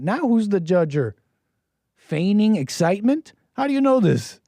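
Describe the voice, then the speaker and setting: A man's voice: high voice, sing-song, moderate pace, mellow, no echo, clean studio sound. An American man giving rambling, preachy solo commentary, often repeating his phrases. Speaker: streamer commentator.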